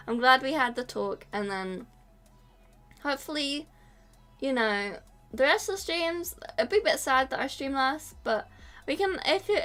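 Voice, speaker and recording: A woman's voice: sits high, bright, forceful tone. A woman streaming as a VTuber, chatting casually, giggling often and getting emotional while she thanks viewers. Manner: giggly and emotional, reading chat and thanking donors. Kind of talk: casual live-stream chat.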